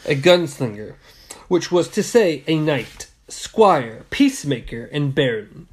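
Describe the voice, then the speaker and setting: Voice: mid-range voice, takes it slowly, husky. A co-host casually reading a novel aloud, with playful asides. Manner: lively, playful whispered asides.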